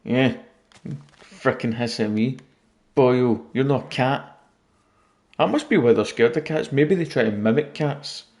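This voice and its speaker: A gaming YouTuber talks over his gameplay late at night, rambling and joking with his viewers in a casual way. His voice is medium-pitched and a little mellow, and he speaks at a measured pace with frequent pauses.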